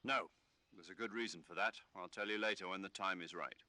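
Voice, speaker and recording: An actor playing a commanding older British military officer who briefs his operative over the radio in a video game, in a crisp, instructive manner. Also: low voice, brisk, pushed and bright, no echo. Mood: instructing. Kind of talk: video game cutscene dialogue.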